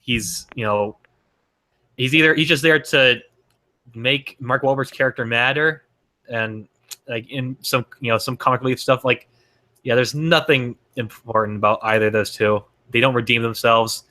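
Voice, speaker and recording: Rambling bright-voiced man. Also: mid-range voice, steady tone, moderate pace. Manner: rambling, lots of fillers and restarts. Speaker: podcast co-host. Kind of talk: casual movie review chat.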